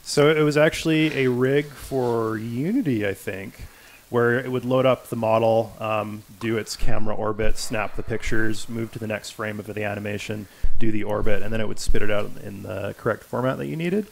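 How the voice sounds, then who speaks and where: A man's voice: lowish voice, steady tone, moderate pace, gravelly, a little hiss or hum. A man co-hosting a game developer livestream, talking in an easygoing, explanatory way. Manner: easygoing, explanatory, laid-back. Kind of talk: casual livestream chat.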